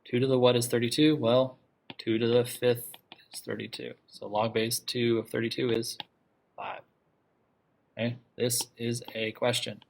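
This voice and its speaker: A male math teacher lecturing his class in a classroom. His voice sits at a middle pitch as he talks the students through each step. He stops often to ask "okay?", throws questions out to the room, and repeats the main idea for emphasis. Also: lively intonation, moderate pace, creaky, long pauses, slight background noise.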